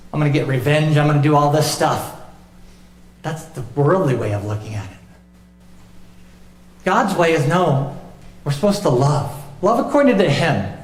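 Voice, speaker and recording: High-voiced pastor preaching in an echoey church. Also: male voice. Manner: emphatic preaching, dropping low and soft on key lines. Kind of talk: sermon. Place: church sanctuary.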